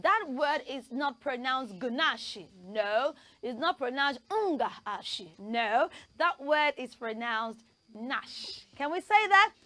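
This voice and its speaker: A woman presenting a children's pronunciation lesson, spelling words out letter by letter and leading lively call-and-response drills. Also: sits high, slow, a little hiss or hum.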